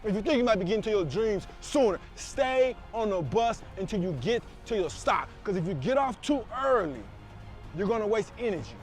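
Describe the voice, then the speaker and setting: A middle-aged man delivers a preachy motivational talk, full of emphatic repetition and call-outs. His speaking voice sits high for a man. Soft music plays faintly behind him. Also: lively intonation, normal speed. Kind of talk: motivational speech to camera.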